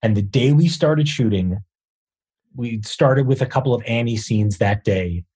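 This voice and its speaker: A man, a show co-creator, telling behind-the-scenes stories in an earnest, measured way. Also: medium pitch, darkish tone, breathy edge. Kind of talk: casual interview chat.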